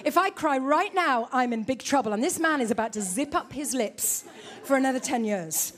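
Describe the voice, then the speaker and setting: Woman, middle-aged, very high voice, sermon, playful, teasing, church. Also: moderate pace. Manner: lively, humorous, teasing the congregation. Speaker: preacher. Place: church before a congregation.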